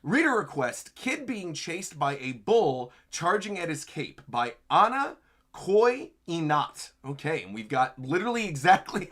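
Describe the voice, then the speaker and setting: A man's voice: sits high, fairly bright tone. A man hosting a live reaction stream, chatting with enthusiasm and laughing often as he reads through a comic chapter. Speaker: livestream host reacting to manga chapters.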